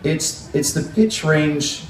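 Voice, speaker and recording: A man's voice: a little high, slow, distant mic, a little hiss or hum. A man running a vocal workshop at a music event, explaining breathing and resonance to a group. He demonstrates sounds as he goes. The room is echoey and he stands some way from the mic. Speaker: vocal coach.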